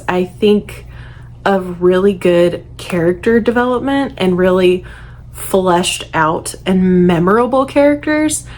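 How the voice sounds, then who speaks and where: A woman giving a frank, exasperated book review straight to camera, sighing now and then. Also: mid-range voice. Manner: frank, exasperated, sighs and laughs.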